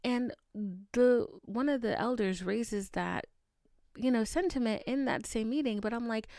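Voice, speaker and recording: A woman hosting a podcast in casual chat, animated, chatty and freely profane. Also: fairly high pitch, unhurried, gravelly, no echo, studio quality. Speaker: podcast host.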